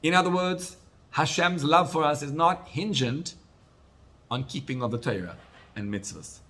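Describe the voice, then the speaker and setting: A rabbi giving a Torah class, retelling stories with animated swings between loud and soft. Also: male voice, fairly high pitch, moderate pace. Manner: storytelling, animated rises and drops in loudness.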